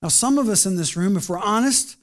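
A man preaching a sermon at a church service and leading a closing prayer, earnest and pleading, often dropping to a soft hushed voice. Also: sits high, expressive, fairly quick. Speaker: pastor.

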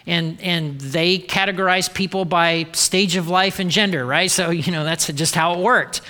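A man's voice: high voice, moderate pace, bright, forceful tone, long reverb tail. A man preaching a sermon in a casual way with joking asides. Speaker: pastor.

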